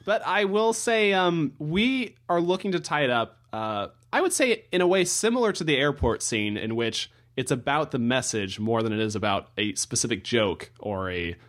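A young man co-hosting a casual podcast, animated and joking, laughing often. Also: medium pitch, moderate pace, few pauses. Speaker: podcast co-host and comic artist.

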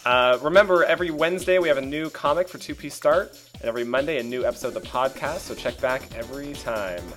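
A man's voice: mid-range voice, quick pace, fairly bright tone, soft background music. A man hosting a podcast in casual chat, joking, laughing often and mimicking others in quotes. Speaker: podcast host.

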